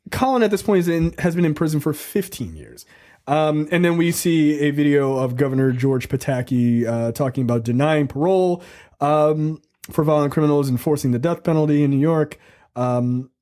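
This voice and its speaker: A man's voice: fairly high pitch, darkish tone. A man hosting a casual movie review podcast, recapping the plot in a loose, profane, joking way. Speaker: podcast host reviewing a film. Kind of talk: casual chat.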